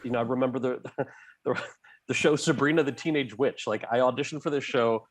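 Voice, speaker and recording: A man in his forties telling an animated anecdote as a guest, laughing and acting out the people in it. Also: medium pitch, a little fast, a little hiss or hum. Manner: animated, laughing, acts out quoted voices. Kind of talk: storytelling anecdote.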